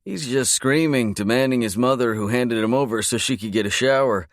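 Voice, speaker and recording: A man's voice: medium pitch, fairly quick, no room sound, clean studio sound, voice pushed up, close to an everyday voice. A man voicing a cocky, amused young father teasing his brother. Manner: amused, smug.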